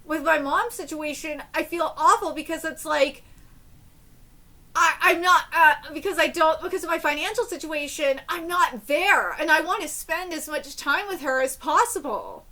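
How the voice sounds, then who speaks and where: A woman's voice: high voice, sharp tone. A woman in her thirties streaming a live manga reaction. She talks candidly and tearfully, swearing freely.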